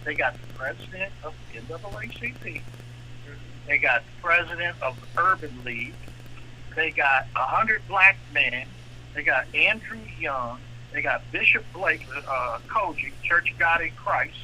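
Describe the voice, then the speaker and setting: A man co-hosting a radio talk show, speaking with an impassioned manner that climbs into animated outrage. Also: a little high, measured pace, slight background noise, rough recording.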